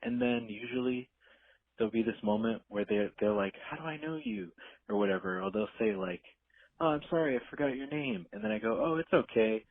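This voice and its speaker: A man's voice: fairly low pitch, brisk, dry recording. Man rambling over a tinny phone line. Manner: rambling, acts out quotes. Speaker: caller. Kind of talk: voicemail story.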